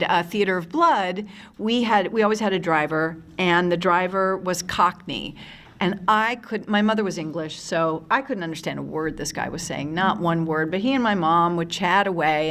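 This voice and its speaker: A woman in her fifties from the United States, telling lively anecdotes at a convention panel with many fillers and restarts. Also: lowish voice, moderate pace, a little hiss or hum. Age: 50s. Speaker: panel guest.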